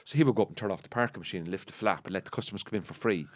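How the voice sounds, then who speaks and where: A man's voice: on the low side, racing, crowd noise. An Irish man, a comedian and radio presenter, telling profane anecdotes in casual podcast chat, with many restarts.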